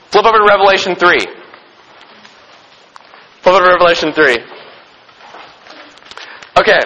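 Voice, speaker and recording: A man teaching a Bible lesson. He asks the listeners questions and answers them himself, and he reads scripture aloud slowly. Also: sits high, sharp tone, big-room sound, muffled recording. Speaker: preacher teaching a Bible study.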